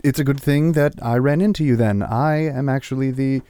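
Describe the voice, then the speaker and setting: A man's voice: medium pitch, moderate pace, dark tone, clear, resonant tone, no echo, natural voice. A man voicing a cheerful halfling woman who works as a library artificer, polite and a little hesitant. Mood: welcoming.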